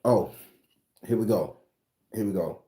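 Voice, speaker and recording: Unhurried and warm, this man's fairly low voice sounds out in an echoey room. A spiritual reader, he gives predictions in casual vlog fashion, loose and profane, hitting points hard and laughing frequently.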